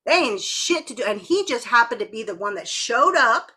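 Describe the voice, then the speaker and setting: Woman co-host, bright and fairly high voice, frank casual chat, quick to laugh. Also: very animated, slightly rough. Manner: candid, laughs often, swears freely. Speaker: podcast co-host.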